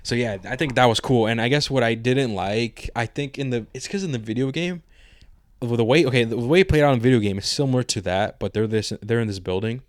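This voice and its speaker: A man's voice: medium pitch, quick pace, no room sound, clean studio sound. A man co-hosting a podcast in casual chat, rambling in slang and retelling scenes with quoted lines. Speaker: podcast co-host.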